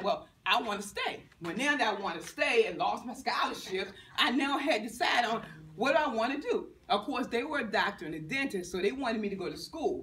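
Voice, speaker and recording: A middle-aged woman banker from Virginia gives a motivational talk to students, quick to laugh and to act out the people she quotes. Her voice sits fairly high. She sounds distant from the mic in an echoing lecture room, with a faint hiss underneath. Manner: lively, laughing, acts out quotes. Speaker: banker and guest speaker.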